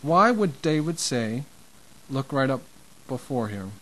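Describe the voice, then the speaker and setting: Man, mid-pitched, preaching a loose, heartfelt sermon with emphatic rises. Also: very animated, unhurried, fairly bright tone, a little hiss or hum, poor audio. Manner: conversational and impassioned, with restarts and rising emphasis. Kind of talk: informal sermon.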